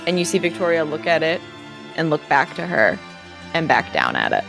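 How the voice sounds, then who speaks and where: A woman's voice: deep voice, huge pitch swings, moderate pace, vocal fry, over music. A woman narrating as game master of a casual tabletop role-play, loose and chatty with fillers.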